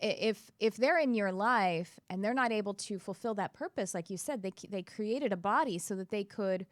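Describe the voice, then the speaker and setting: Woman podcast host, mid-pitched, earnest and reflective, dry close sound. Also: moderate pace, no echo. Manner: earnest, reflective, with frequent self-corrections. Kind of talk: casual conversation.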